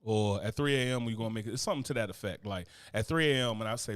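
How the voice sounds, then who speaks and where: A man's voice: on the low side, rapid-fire, clear, resonant tone, dry recording, clean studio sound. A man co-hosting a casual chat show, talking animatedly and profanely, joking and reading comments from the chat aloud. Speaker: podcast co-host.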